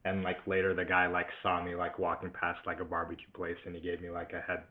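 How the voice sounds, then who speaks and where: A man with a lowish voice talks casually as a podcast co-host and slips laughs into his stories. His delivery is relaxed. The audio is dull, with a muffled top end. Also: fast. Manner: relaxed, laughs often while storytelling. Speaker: podcast co-host, former prosecutor.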